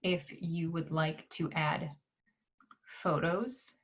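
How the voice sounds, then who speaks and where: Slow, unhurried woman with a lower voice. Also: fairly even intonation, husky, dull audio. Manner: unhurried, frequent "um" pauses while clicking. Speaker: library staff tutor. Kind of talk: screen-share software tutorial.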